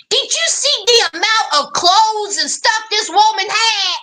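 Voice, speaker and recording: Sassy high-voiced woman recapping reality TV. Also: animated, bright, forceful tone. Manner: sassy and emphatic, drawn-out exclamations; chatty asides to the listener. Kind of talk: casual recap commentary.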